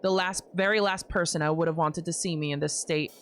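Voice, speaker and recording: A young woman streamer reading a visual novel aloud, expressive, with wry asides. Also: lowish voice, fairly quick.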